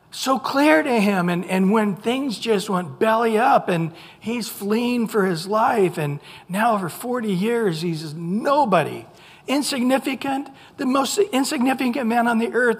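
A male pastor delivering a sermon with a husky, breathy voice, speaking in a conversational way. His words ring out with long reverb in a large church sanctuary. He often dips into quiet, whispered asides as he voices the inner thoughts of others. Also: very high voice.

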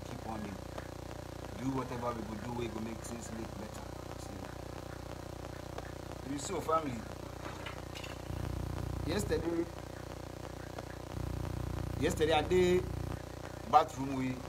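Young ghanaian pidgin guy rambling to his fans, repeats himself a lot, noisy recording with cars going past. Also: mid-range voice. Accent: Ghanaian Pidgin English. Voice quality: rambling, repeats words while searching for them. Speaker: musician. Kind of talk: casual video message to fans. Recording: noisy, with passing vehicles.

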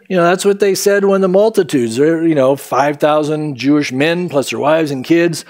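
A man preaching a sermon as pastor, animated and acting out the quotes in different voices. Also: a little high, normal speed.

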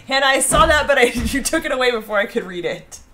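A woman's voice: high voice, pushed and bright. A woman hosting a casual home baking live stream, chatting and reading out viewer comments. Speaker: baking show host. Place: home kitchen.

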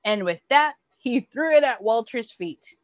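Slow, lively woman reading a story aloud. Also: on the high side, no echo. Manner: expressive, animated storytelling with gasps. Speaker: early childhood educator. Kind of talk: picture book read-aloud for children.

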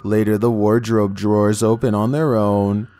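A man narrating a scripted horror video countdown in a measured, ominous way, drawing out each entry title. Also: fairly low pitch, flat delivery, background noise. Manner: measured, ominous delivery with slowed, drawn-out titles.

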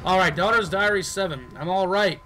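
A man's voice: high-pitched, fairly quick, bright, forceful tone, slight background noise, low-quality recording. A man giving casual gameplay commentary as a let's player, goofy and joking, chatting to the characters on screen. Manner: goofy, jokes and talks to game characters.

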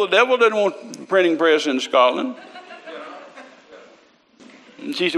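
A man's voice: on the high side, animated, normal speed, long pauses, a bit bright. An older man, preaching a sermon through folksy, humorous stories with many restarts. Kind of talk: storytelling sermon.

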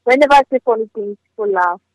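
A woman's voice: a little high, racing, no echo, poor audio. Chatty woman comedian, dry sound. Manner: chatty, leans on "you know". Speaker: comedian and actress, interview guest. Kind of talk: casual interview answers.

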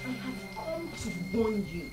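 A woman's voice: sing-song, a little slow, music in the background. An actress with a Nigerian accent playing an angry wife who warns a rival off her husband. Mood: indignant. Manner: shrill, indignant. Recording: echoey, from far off the mic.

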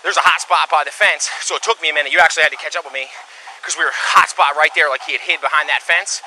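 Breathless deputy on bodycam. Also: male voice, fairly even intonation, quick pace. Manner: shouts high praise at his dog. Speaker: police K9 handler. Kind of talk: bodycam field talk. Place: outdoors at night. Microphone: body camera. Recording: noisy body camera audio.

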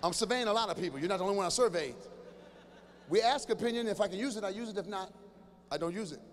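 A man in his fifties doing stand-up comedy with crowd work, animated, often acting out other people's voices and bantering with the audience. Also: sits high, fast talker, long reverb tail, slight background noise. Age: 50s. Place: large church hall before a live audience.

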